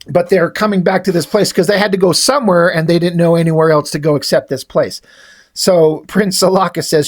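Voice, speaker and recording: A man casually retelling the plot of a comic issue, reading its dialogue aloud in his own voice with only small shifts for the characters. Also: high-pitched. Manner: reads dialogue aloud with little character voicing. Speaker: comic book reviewer.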